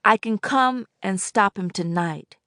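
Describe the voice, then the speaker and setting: A woman reading an audiobook, voicing a determined teenage girl who speaks earnestly and firmly, with a gravelly edge. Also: mid-range voice, measured pace, bright, forceful tone, dry recording, studio quality.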